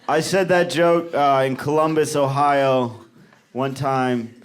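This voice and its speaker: On a comedy club stage, a male stand-up performs live, animated and slipping into high, shouted voices for the characters in his stories. He speaks at a slow pace, and the live club recording carries loud crowd laughter with slight background noise.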